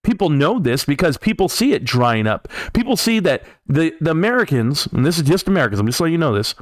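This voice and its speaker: Male stream host, slightly raised pitch, worn hoarse voice, emphatic direct address, dry close mic. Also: sing-song, fast talker, no room sound. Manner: emphatic, talks straight to viewers. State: voice worn from yelling. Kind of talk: live stream market commentary.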